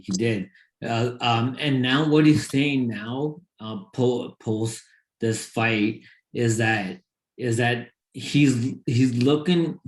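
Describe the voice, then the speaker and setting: Rambling excited man in a roomy space. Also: medium pitch. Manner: rambling, excited, talks in bursts. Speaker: boxing podcast co-host. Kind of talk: casual sports chat. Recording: roomy echo.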